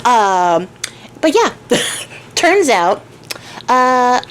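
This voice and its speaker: A woman's voice: on the high side, very animated, extremely slow. A woman host retells a folk tale in a loose, chatty way, full of slang and asides. Faint noise hums under her voice. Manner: chatty, slangy, laughs often. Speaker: craft channel host.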